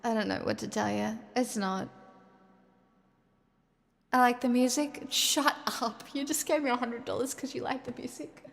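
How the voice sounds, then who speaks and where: An Australian woman talks casually to her live-stream audience. She swears often and keeps blurting out bewildered questions. Her voice sits high, and a long reverb hangs behind every word. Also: fairly even intonation, normal speed, creaky, long pauses.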